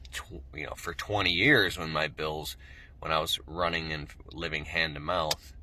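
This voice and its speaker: A middle-aged man talking slowly and softly to his viewers about spirituality, meandering and yawning as he goes. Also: rumbling low. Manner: slow, soft, meandering, pauses often. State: yawning, tired. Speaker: spiritual vlogger. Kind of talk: casual spoken talk to camera.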